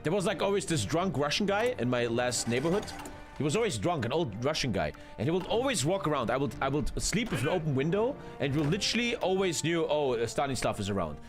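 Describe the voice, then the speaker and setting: A man's voice: sing-song, fast, over music. Guy in his thirties streaming a game. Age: 30s. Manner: swears a lot, jumps into loud high yelps. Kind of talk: live gameplay commentary.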